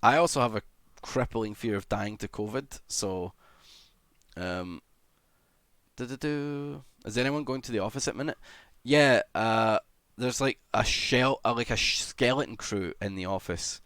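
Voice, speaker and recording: A man's voice: fairly low pitch, moderate pace, a bit bright, no echo, studio quality. A young adult man livestreaming and chatting casually, rambling and self-deprecating, swearing often and humming idly between thoughts. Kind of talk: casual live-stream chat.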